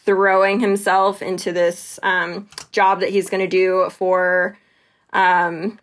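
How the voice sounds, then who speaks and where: Slow and flat in delivery, with a mid-range voice, this woman co-hosts a podcast and chats casually about a book. She fills her speech with fillers and performs quoted lines.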